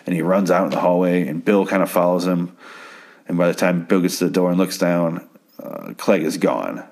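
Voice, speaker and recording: Deep-voiced man recapping a show, loose and profane, does the characters' lines in passing. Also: darkish tone. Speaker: TV episode recap host. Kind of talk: casual rambling recap.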